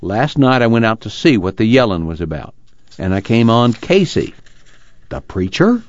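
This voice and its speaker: A man voicing a hurt, weary young farmhand with a drawl, talking low and grim. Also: big pitch swings, normal speed, no room sound. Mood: shaken. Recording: muffled, dry.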